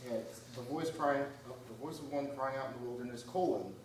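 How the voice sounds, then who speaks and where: A man in the congregation giving hesitant, halting answers to the pastor's questions. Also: medium pitch, a crowd in the background. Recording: echoey church from far off.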